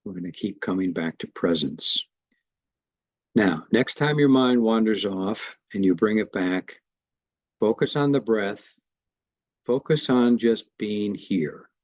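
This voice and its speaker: Slow, gentle male meditation teacher. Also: lowish voice, animated, no room sound, dull audio. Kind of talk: guided meditation instruction.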